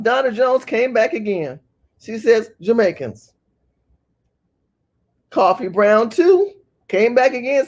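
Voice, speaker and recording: Woman livestream host, animated, very lively pitch, quizzes the chat. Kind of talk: live-stream talk reading the chat.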